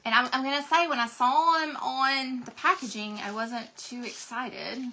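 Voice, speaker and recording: A woman with a drawl chats on a casual craft livestream, gushing over her supplies and calling out to viewers. Her voice sits a little high and sounds sharp and bright. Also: moderate pace. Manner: bubbly, gushing, chatty, talks to viewers in the chat.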